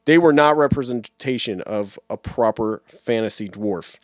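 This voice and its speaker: A man's voice: medium pitch, moderate pace, no echo, studio quality. A young man co-hosting a casual podcast chat, rambling and swearing as he talks. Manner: animated, rambling, swears often. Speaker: podcast co-host.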